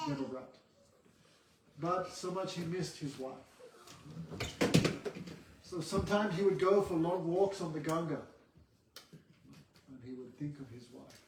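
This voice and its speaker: A man's voice: on the high side, slight background noise. Chatty man teaching a scripture class. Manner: chatty, joking asides to students. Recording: roomy hall from a distant mic.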